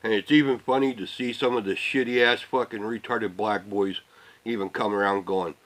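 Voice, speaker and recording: A middle-aged man ranting casually to the camera, rambling and swearing, often trailing off into low mutters. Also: fairly even intonation, moderate pace, fairly bright tone, rough recording. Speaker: vlogger.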